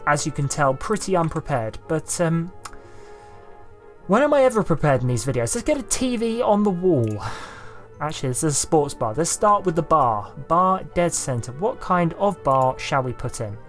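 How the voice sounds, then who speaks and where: A man's voice: on the high side, big pitch swings, normal speed, fairly bright tone, soft background music. A man from the south of England with a Southern English accent, chatting in a rambling, self-deprecating way as he narrates his game build. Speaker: YouTuber building in a life-sim game. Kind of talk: casual gameplay commentary.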